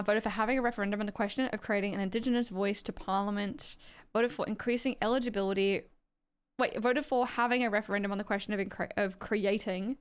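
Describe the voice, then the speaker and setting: A woman's voice: mid-range voice, clear, resonant tone. An Australian woman streaming live, chatting casually and rambling as she reacts to her chat and swears freely.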